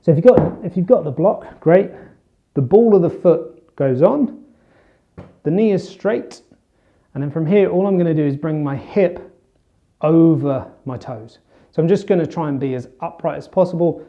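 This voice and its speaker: The recording cuts off the highs of this man's fairly high-pitched voice. As a fitness coach, he keeps things relaxed and chatty while demonstrating stretches for instruction.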